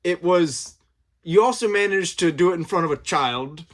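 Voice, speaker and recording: A man co-hosting a casual podcast, stammering and restarting his sentences when he gets excited. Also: high voice, normal speed. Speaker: podcast co-host.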